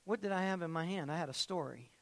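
A man preaching a sermon as pastor, telling stories and repeating phrases, swinging between loud and hushed. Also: a little high, fast talker.

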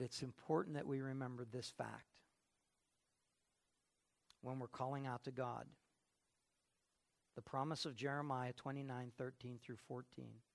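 A middle-aged pastor preaching a sermon, emphatic, swinging from quiet asides to loud outbursts. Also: male voice, mid-range voice, gravelly.

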